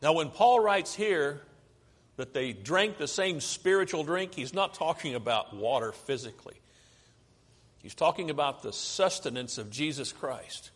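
Male preacher, somewhat high voice, teaching a sermon with questions to the pews, long reverb of a church hall. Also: animated, unhurried, husky. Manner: asks the congregation questions and answers them himself. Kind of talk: sermon with slides. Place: church sanctuary.

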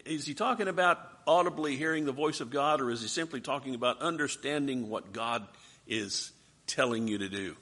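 A man preaching a sermon, asking rhetorical questions with dramatic swings from soft to loud. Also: mid-range voice, fairly quick.

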